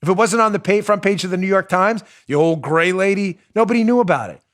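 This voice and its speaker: Male political talk host, slightly high voice, heated and sarcastic, hammers each point by repeating it. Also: quick pace, fairly bright tone. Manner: emphatic, repeats points for stress. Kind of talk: opinionated political monologue.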